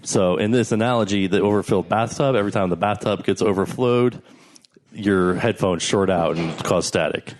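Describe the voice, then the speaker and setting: A man's voice: lowish voice, normal speed. A man co-hosting a podcast, explaining things step by step in casual chat, blunt and plain-spoken. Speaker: podcast co-host.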